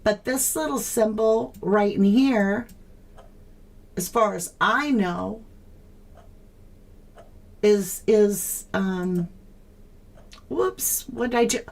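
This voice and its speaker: Slow, puzzled woman streaming live. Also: mid-range voice. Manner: incredulous, puzzling aloud, greets chat viewers warmly. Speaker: true crime livestream host. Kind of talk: casual livestream chat.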